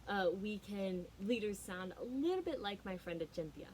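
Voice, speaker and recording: Young woman, leadership trainer, emphatic keynote storyteller, mid-pitched voice, light ums. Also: expressive, moderate pace, few pauses, a little mellow, husky, low-quality recording. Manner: emphatic, storytelling, frequent fillers. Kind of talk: motivational keynote talk.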